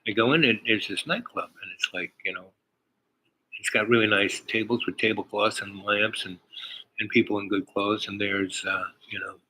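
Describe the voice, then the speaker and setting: A man's voice: on the low side, fairly even intonation, moderate pace, bright, forceful tone, a little hiss or hum, poor audio. An older man telling a meandering personal story, full of fillers and asides. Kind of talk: rambling personal anecdote.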